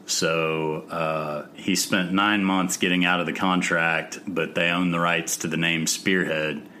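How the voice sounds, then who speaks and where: Deep-voiced slow male host. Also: flat delivery, pushed and bright, slight background noise. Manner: matter-of-fact presenter. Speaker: podcast host. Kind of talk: reading album facts, casual chat.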